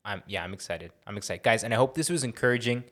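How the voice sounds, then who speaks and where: A man's voice: fairly low pitch, expressive, quick pace, fairly bright tone. Teasing young man on a casual podcast. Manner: playful, teasing, says bro and dude a lot. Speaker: podcast co-host. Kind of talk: casual chat.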